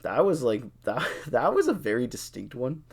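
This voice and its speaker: A young adult man co-hosting a podcast, telling a drinking story in a casual, animated way, swearing freely and acting out what people said. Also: mid-range voice, normal speed, husky. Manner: animated, profane, acts out quotes. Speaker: podcast co-host.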